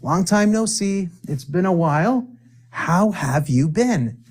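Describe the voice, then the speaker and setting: Male English teacher, slightly high voice, slow and deliberate, leaves pauses for repetition, jokey asides. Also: animated, a little mellow, slightly rough. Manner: playful, joking asides to the viewer. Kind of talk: spoken-English lesson with repeat-after-me drills.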